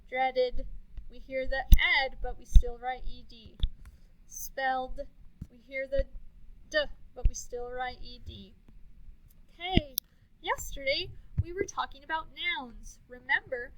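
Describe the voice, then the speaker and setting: Woman teacher, phonics lesson, sounds out each word, high voice, hissy recording. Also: a bit bright, low-quality recording. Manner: slow, clearly sounded-out words with counting pauses. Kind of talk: early reading phonics lesson.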